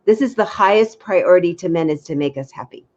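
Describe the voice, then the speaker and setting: A woman dating coach giving frank, lively advice in a casual chat, acting out little quotes. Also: on the low side, fairly quick, highs cut off.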